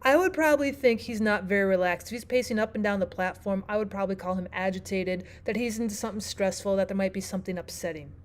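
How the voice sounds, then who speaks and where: A woman teacher narrating a lesson, explaining clearly and asking the listener questions. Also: medium pitch, fast talker, hardly any pauses. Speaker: language arts teacher.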